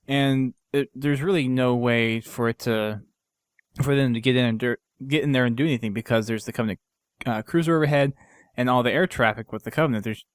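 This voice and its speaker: A man's voice: mid-range voice, clear, resonant tone, no room sound. A man hosting a podcast, casually recapping a game mission in a rambling way with lots of fillers and restarts. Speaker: podcast host.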